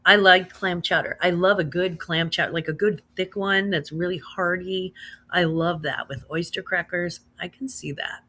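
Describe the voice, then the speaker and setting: Bright-voiced midwestern lady hosting a chill livestream, chatty and laughing a lot. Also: on the low side, steady tone, moderate pace. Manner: chatty, laughs often, says girl and slaps. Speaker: livestream host reading chat. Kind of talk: casual chat.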